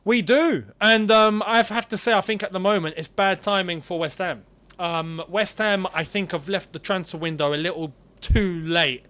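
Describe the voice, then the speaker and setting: A man co-hosting a casual football chat, giving measured, thoughtful opinions. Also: sits high, steady tone, a bit bright. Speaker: football podcast co-host.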